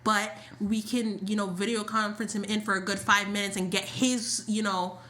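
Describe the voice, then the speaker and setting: Woman co-host, bright crisp voice, animated storyteller who acts out lines. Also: mid-range voice, moderate pace. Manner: animated, acts out quotes, uses "like" a lot. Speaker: podcast co-host. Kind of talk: casual chat about a soap opera.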